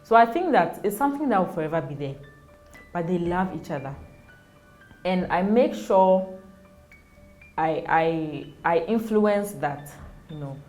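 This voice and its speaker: Animated Ghanaian woman telling family stories. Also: on the low side, a little slow, long pauses, soft background music. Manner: animated, laughs often, acts out quoted voices. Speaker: interview guest, mother of two. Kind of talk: casual storytelling interview.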